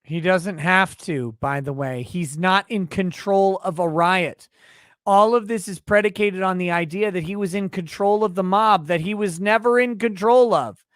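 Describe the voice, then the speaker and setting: A man with a high-pitched voice delivers angry, sarcastic running commentary. He swears freely and jumps between scorn and argument. The sound is dry and close. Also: normal speed, a bit bright, no echo. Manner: heated, sarcastic, profane. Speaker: commentator reacting to a hearing.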